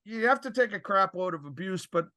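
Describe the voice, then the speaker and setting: A man's voice: high voice, brisk. An older man, a former referee, telling stories in a casual podcast chat and acting out the quoted exchanges. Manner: animated storyteller, acts out quoted exchanges, chuckles often.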